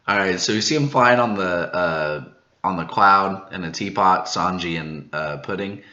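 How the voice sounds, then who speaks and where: A man hosting a manga review channel, reading through a chapter in an excited reaction, chuckling often and saying "uh" a lot. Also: deep voice, moderate pace. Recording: roomy, dull lo-fi sound.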